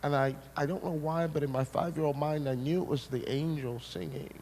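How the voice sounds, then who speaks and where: A man from Scotland preaching a sermon, an animated storyteller who hammers points through repetition and tosses jokey asides to the crowd. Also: fairly high pitch, brisk, gravelly. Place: large hall at a church seminar. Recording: echoey hall, faint noise.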